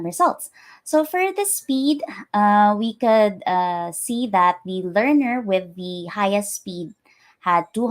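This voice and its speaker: A woman presenting her research in a lecture, explaining carefully with frequent ums and uhs. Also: mid-range voice. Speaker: academic presenter.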